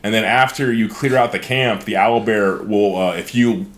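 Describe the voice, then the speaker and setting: Excitable man in casual podcast chat. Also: lowish voice, moderate pace. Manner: excited, profane, acts out game characters with voices. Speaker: podcast co-host.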